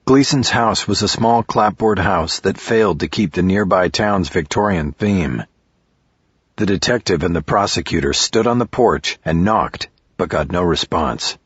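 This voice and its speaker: A man narrating a thriller audiobook in a steady, measured way. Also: deep voice, breathy edge, no echo. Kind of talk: scripted narration. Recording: dry, slightly dull recording.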